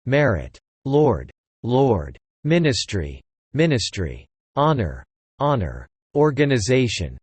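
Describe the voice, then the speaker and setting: A man reading English vocabulary words aloud one by one, saying each word twice in a slow, measured way. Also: medium pitch, slightly rough, no room sound. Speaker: vocabulary reader.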